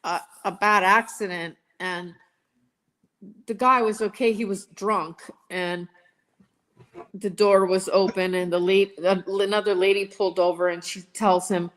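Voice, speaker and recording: A woman in a casual chat who tells short anecdotes and adds quick reactions. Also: mid-range voice, steady tone, a bit bright.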